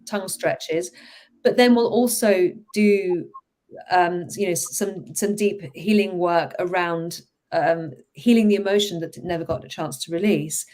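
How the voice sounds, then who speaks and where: A woman hypnotherapist and vocal coach explaining her methods in a casual, enthusiastic conversation, quoting people with animated voices. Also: on the low side, unhurried.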